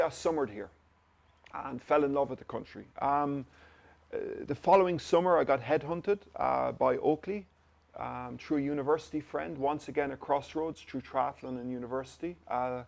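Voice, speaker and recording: A man's voice: mid-range voice, creaky, a little mellow. An Irish man, an interview guest, telling stories in a casual chat and acting out the dialogue he quotes. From Ireland. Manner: anecdotal, acts out quoted dialogue. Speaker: interview guest, company director.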